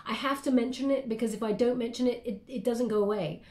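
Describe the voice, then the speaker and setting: A woman's voice: a little high, fast, a little mellow. A woman giving a casual spoken tarot reading, chatty and meandering, often checking in with her listener. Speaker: tarot card reader. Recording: roomy echo.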